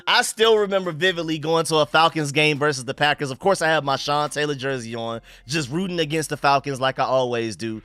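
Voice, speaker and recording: A young man from the United States hosting a live stream, chatting casually and shouting out viewers and donations. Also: on the high side, fairly quick, few pauses, clean tone, no room sound. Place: home room.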